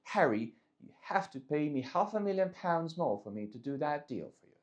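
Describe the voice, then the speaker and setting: A man's voice: a little high, very animated, normal speed, highs cut off, voice pushed up. A man voicing a smug upper-class Englishman with a posh English accent, drawn out and self-satisfied.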